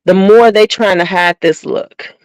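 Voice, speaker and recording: A woman's voice: mid-range voice, a little slow, background noise. A middle-aged woman hosting her channel, chatting casually and bluntly with viewers in a gossiping, slangy way. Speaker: beauty channel host.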